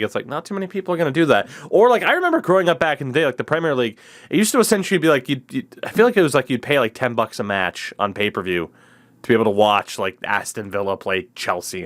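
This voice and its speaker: A man's voice: medium pitch, animated, fast talker, a bit bright. A man hosting a podcast in casual, rambling chat with a sardonic edge. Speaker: podcast host.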